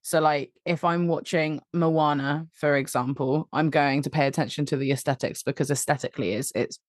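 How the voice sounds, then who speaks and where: A woman's voice: low-pitched, fairly even intonation, normal speed, no room sound, studio quality. A woman guesting on a film podcast, bubbly and giggly, hesitating as she recalls things. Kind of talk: casual film podcast chat.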